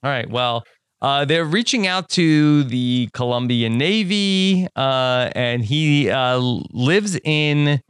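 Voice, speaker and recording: A man's voice: mid-range voice, expressive, takes it slowly, fairly bright tone, clear, resonant tone, no room sound, studio quality. A man co-hosting a podcast in casual chat, talking with frequent fillers and restarts. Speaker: podcast co-host.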